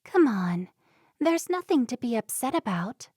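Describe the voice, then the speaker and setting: A gentle, caring young woman from a storybook, as a female narrator plays her. She speaks in a reassuring way, and the voice sounds close and dry. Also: fairly high pitch, very animated, unhurried, breathy edge, no echo, voice pushed up, heavily acted.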